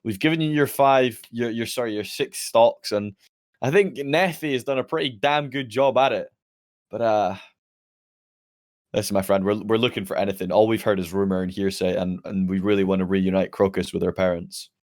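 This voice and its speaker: A man plays his character in a tabletop fantasy game, making his plea in a rambling way. He stumbles and restarts often. His voice sits a little low. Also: steady tone, normal speed, darkish tone. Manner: rambling, pleading, stumbling over words. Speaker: player. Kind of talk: in-character tabletop role-play.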